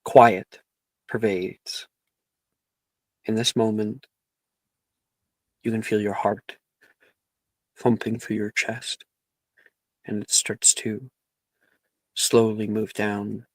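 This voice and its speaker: A man running a tabletop game as game master, narrating in an unhurried way with many ums and likes. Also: fairly low pitch, little pitch movement, no echo.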